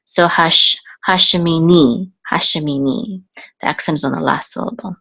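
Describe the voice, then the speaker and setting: A woman teaching Biblical Hebrew reading, explaining slowly with fillers and self-corrections, then chanting the marks in a higher sung voice. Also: fairly even intonation, vocal fry, pushed and bright, slightly rough, rough recording.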